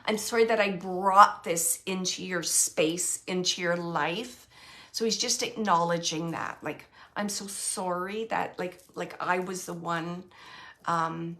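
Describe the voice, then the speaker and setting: Woman medium, bright and forceful tone, soft-spoken, hesitant and earnest, halting with fillers. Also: fairly low pitch, steady tone. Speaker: psychic medium. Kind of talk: mediumship reading to a sitter.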